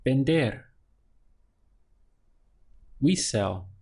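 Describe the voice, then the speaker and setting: Man, Spanish teacher, slow unhurried delivery, mid pitch, patient drilling. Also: expressive, gravelly, mellow. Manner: slow, patient drilling, stretching words to show the stress. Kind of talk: language lesson.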